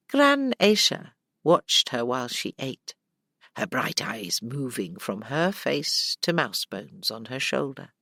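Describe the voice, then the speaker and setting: A woman narrating a dark fantasy audiobook, expressive and doing voices for the characters. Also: very deep voice, creaky, dry recording, clean studio sound. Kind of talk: scripted narration.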